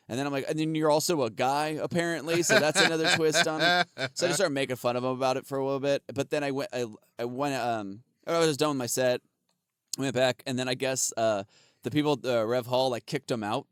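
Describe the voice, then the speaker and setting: A man's voice: medium pitch, fast, clean tone, dry recording, studio quality. Laughing, rambling man telling stories. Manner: laughs a lot, swears, rambling storytelling. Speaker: podcast co-host and comedian. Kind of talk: casual chat.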